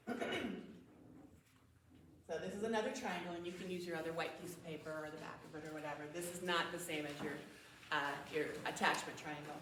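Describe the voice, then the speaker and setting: Woman, conversational teaching talk, acts out example phrases, roomy echo, faint noise. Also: sits low. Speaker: conference speaker. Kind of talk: teaching talk at a parenting conference. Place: church hall. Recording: echoey room, mic at a distance.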